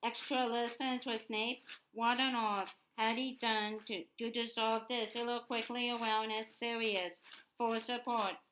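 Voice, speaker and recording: A woman reading a novel aloud, halting often and repeating words, in a noisy home recording. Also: fairly high pitch, little pitch movement, a bit bright. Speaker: audiobook reader.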